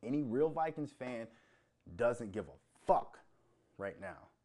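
A man's voice: mid-range voice, lively intonation, takes it slowly, warm tone. Heated profane man ranting about sports. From Minnesota. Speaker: show host.

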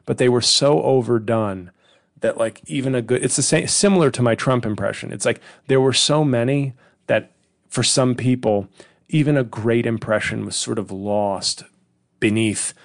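A man's voice: mid-range voice, moderate pace, vocal fry, no echo, studio quality. A man hosting his own comedy podcast, rambling in a sardonic, profane monologue. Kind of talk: casual solo podcast monologue.

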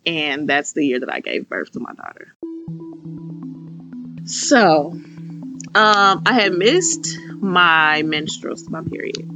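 A young woman in her twenties from Chicago, candidly telling her own story, with lots of fillers, acting out her past thoughts aloud. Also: low voice. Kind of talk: personal storytelling. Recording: slightly muffled, faint music behind.

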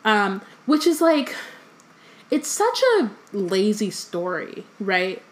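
A woman's voice: medium pitch, big pitch swings, slow pace. A young woman hosting a podcast, talking casually with lots of fillers and some swearing. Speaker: podcast host. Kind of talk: casual chat and book reading.

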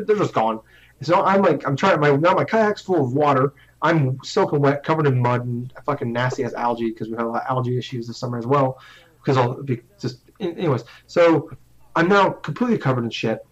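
Young guy rambling thru a story, swears a lot, keeps restarting, kinda muffled lo-fi sound. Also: mid-range voice. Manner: rambling, profane, self-mocking, restarts often. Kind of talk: casual storytelling chat. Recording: slightly dull lo-fi audio.

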